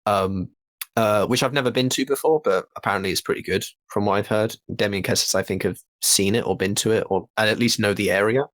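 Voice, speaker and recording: A man's voice: fairly low pitch, quick pace, a bit bright, no echo. A young man rambling through casual podcast chat, with many restarts and fillers. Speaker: podcast co-host.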